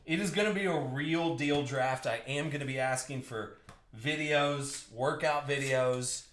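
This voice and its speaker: A man's voice: mid-range voice, a little slow, fairly bright tone, reverberant, a little hiss or hum. A young man hosting a live card break, joking and riffing with viewers by name as he opens packs.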